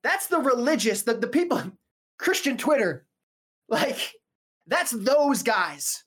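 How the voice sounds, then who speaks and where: A woman's voice: fairly high pitch, sing-song, takes it slowly, husky. A woman preaching a casual sermon, talking conversationally with joking, slangy asides.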